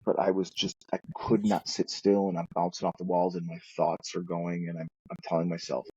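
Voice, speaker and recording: A man's voice: low-pitched, level tone, brisk, a little mellow, slightly rough, lo-fi sound. A man telling his story as a guest in a recovery talk, earnest and rambling, often restarting his sentences. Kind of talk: candid personal storytelling.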